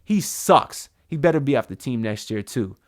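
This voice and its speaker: A man's voice: medium pitch, lively intonation, quick pace, mellow. A young man venting in a ranting, frustrated way about his football team, often repeating words as he talks. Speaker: sports fan vlogger. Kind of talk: ranting sports vent.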